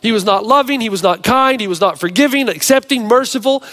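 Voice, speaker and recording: High-voiced man preaching a sermon. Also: quick pace. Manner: storytelling preacher, animated delivery with varied pace. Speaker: pastor.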